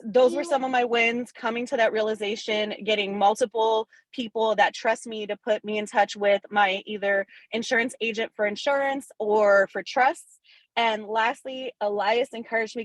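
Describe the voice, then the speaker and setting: A woman real estate agent sharing her wins on a coaching call, candid, excited and quick to swear. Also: fairly high pitch, no echo, poor audio. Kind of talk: casual testimonial in a coaching call.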